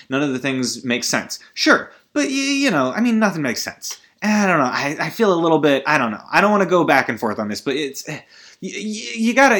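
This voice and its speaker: A man hosting a solo comedy podcast, rambling and self-deprecating, weary and feeling low, swinging between loud outbursts and mumbling. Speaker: podcast host.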